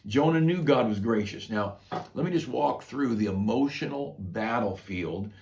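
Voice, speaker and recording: A man's voice: medium pitch, animated, normal speed, vocal fry, darkish tone, slight background noise. An older man, a pastor, retelling a Bible story in a folksy, conversational devotional talk.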